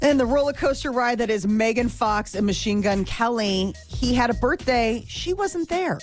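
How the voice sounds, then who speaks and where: A woman's voice: fairly high pitch, fairly even intonation, moderate pace, faint music behind. Chatty, giggly woman radio co-host. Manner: chatty, giggly, trails off with fillers. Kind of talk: casual on-air banter. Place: radio studio.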